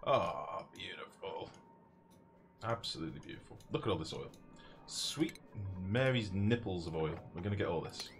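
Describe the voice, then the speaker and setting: Deep-voiced man streaming a game. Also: lively intonation, normal speed, background noise. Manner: chatty, profane, teasing, self-mocking. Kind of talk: casual live-stream commentary. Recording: music playing behind.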